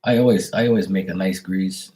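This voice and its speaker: A man with a somewhat low-pitched voice talks loosely and warmly to his viewers on a live stream. He greets people by name at an easy pace from his home. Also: a little fast. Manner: greets viewers by name, affectionate and laid-back. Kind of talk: casual live-stream chat.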